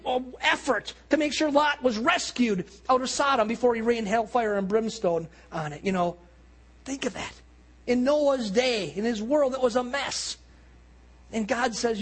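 A man preaching earnestly, slowing down and dropping low and quiet at solemn points. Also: slightly rough. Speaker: pastor. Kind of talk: sermon.

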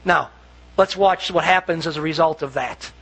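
Sex: man. Role: pastor. Style: conversational sermon. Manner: restarts, emphatic repeats. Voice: high-pitched. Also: a little fast, fairly bright tone, slightly rough, rough recording. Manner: conversational storytelling, frequent restarts and emphatic repetition.

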